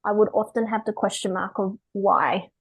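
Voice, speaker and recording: A woman dog behaviourist talking through a webinar, lively and chatty, acting out owners in quick quotes. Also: medium pitch, creaky, slightly rough, rough recording. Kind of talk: webinar talk.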